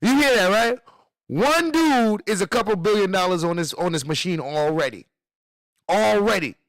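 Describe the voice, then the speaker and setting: A man's voice: high voice, animated, normal speed, fairly bright tone, no room sound. A man streaming live, reacting to news with loose, laughing slang banter aimed at his chat.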